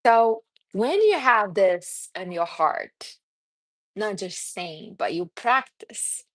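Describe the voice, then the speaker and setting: A woman with a Brazilian accent speaks in a casual, earnest live-stream style, her everyday voice sitting mid-range and jumping up high when she gets lively. The sound is close and dead dry, with no room in it. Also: slow, no room sound. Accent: Brazilian Portuguese. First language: Portuguese. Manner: earnest, reads live chat names, answers viewers. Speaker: self-esteem coach hosting a live stream.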